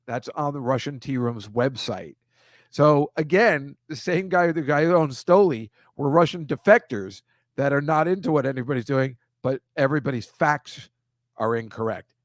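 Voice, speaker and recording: A man hosting a comedy show, talking casually and exasperated over a series of pictures, ranting with quick asides. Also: medium pitch, no echo, clean studio sound.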